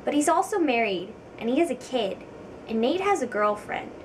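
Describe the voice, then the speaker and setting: A woman's voice: high voice, big pitch swings, moderate pace, far from the mic, slight background noise, rough recording. A young woman vlogger chatting casually to camera, giggly and self-deprecating, with frequent ums.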